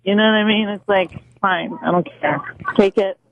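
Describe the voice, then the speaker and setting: A woman's voice: mid-range voice, moderate pace, phone-quality sound, a crowd in the background. A woman calling in to a comedy podcast and telling a story, chatty and self-deprecating with frequent laughs. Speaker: co-host calling in by phone. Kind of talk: casual storytelling.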